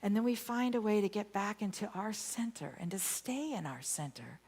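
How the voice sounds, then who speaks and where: A woman minister giving a sermon, telling a story with animated, emphatic bursts. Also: medium pitch, normal speed, breathy edge. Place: church sanctuary.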